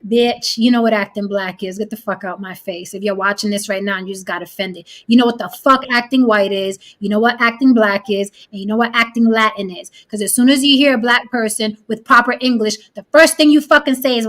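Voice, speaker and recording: A woman hosting a casual podcast chat, blunt and profane, telling stories with lively quoted asides. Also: on the high side. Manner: blunt, profane, animated storytelling. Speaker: host.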